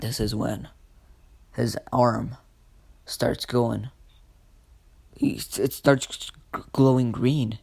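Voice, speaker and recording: A man's voice: medium pitch, fairly even intonation, drawn-out words, vocal fry, pauses often, a little mellow, husky. A man co-narrating a fan what-if story in a casual, rambling way, stringing events together with "he's like" quotes.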